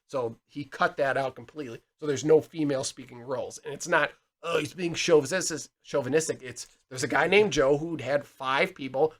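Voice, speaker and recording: A man's voice: medium pitch, brisk, hardly any pauses. A young man co-hosting a casual movie podcast, talking animatedly and acting out lines from films. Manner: animated, acts out quotes loudly. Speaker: podcast co-host.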